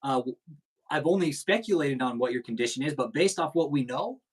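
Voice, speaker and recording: A man's voice: medium pitch, lively intonation, fairly quick, slightly rough, poor audio. A man hosting a live stream, talking in a profane, combative, rambling way. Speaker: stream host. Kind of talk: casual live-stream commentary.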